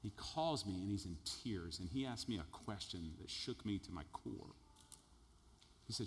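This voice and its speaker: Preacher in a reverberant hall. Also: male voice, on the low side, normal speed, slight background noise. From Texas. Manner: animated storytelling, swings between loud jokes and quiet earnest passages. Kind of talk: sermon testimony. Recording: echoey hall with long reverb.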